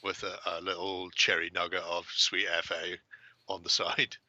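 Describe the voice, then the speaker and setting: A man's voice: sits low, little pitch movement, moderate pace, pushed and bright, no room sound, muffled recording. A man hosting a casual chat, swearing and joking freely. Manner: sweary, laughing banter. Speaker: host.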